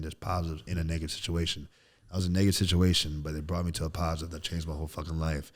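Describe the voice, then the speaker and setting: A man in his thirties, a podcast guest, telling a story in casual chat, animated and throwing in "bro" a lot. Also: low voice. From United States. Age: 30s. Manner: animated storyteller, acts out quotes loudly, says "bro" often.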